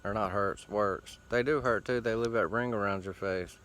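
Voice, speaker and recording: A man's voice: lowish voice, steady tone, moderate pace, fairly bright tone, a little hiss or hum. A man hosting a show, rambling casually outdoors while sitting against a tree, with loose, profane, meandering talk full of fillers. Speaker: host.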